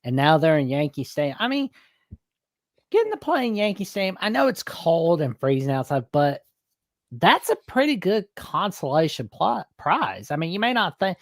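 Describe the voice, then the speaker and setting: A man's voice: on the high side, very animated, normal speed, no room sound, clean studio sound. A young man co-hosting a sports call-in show, chatting casually and hedging his opinions as he thinks aloud.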